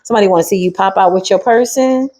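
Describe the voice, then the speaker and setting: A woman giving a spiritual tarot reading with a husky, slightly breathy voice. Her tone is dark and mellow, and her delivery is sassy and streetwise as she talks directly to her viewer. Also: mid-range voice, quick pace. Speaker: tarot reader.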